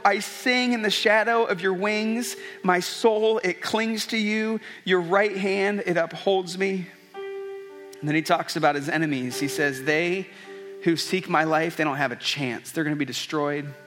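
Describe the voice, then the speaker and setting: A man's voice: sits high, a bit bright. A man preaching a conversational, earnest sermon, often restarting his sentences. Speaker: pastor.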